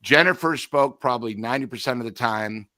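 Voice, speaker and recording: A man co-hosting a sports talk show, telling relaxed, rambling anecdotes. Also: medium pitch, brisk, no echo, clean studio sound. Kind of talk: casual sports chat.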